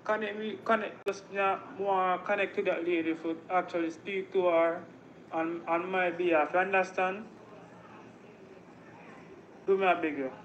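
A Jamaican man begs over and over in a voice message. His voice sits high for a man. The recording is dull and lo-fi, with a faint hiss underneath. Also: steady tone, normal speed, long pauses, fairly bright tone, echoey room. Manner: begging, repetitive. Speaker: caller.

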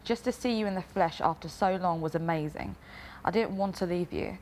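A woman's voice: fairly low pitch, brisk, darkish tone, a little hiss or hum. Young woman reading a letter aloud. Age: young adult. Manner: emotional, breaking into laughter while reading. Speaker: reality show contestant.

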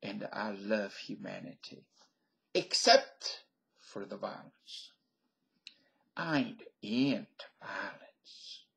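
A man's voice: fairly low pitch, lively intonation, takes it slowly, creaky, a bit bright, poor audio. An older man rambling through a stream-of-consciousness comedy monologue into a webcam at home, laughing at his own jokes. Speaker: vlogger.

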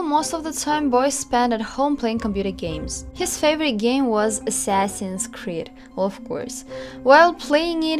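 A woman who hosts a channel, narrating a story dramatically and chatting with puppets. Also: on the high side.

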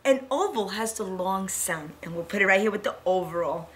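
A woman's voice: mid-range voice, lively intonation, brisk. A woman teaching a preschool lesson to young children, in a cheerful sing-song way.

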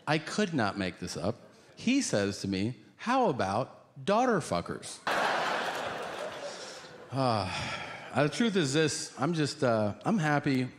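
A man's voice: mid-range voice, a little hiss or hum. A man doing a stand-up comedy set, telling stories and acting out the other people in them. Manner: animated storytelling with voiced characters. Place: live comedy venue with audience.

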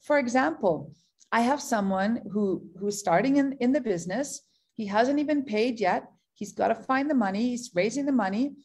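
A woman's voice: on the high side, darkish tone. A middle-aged woman giving a motivational business training talk, enthusiastic and repeating phrases for emphasis. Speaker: network marketing trainer.

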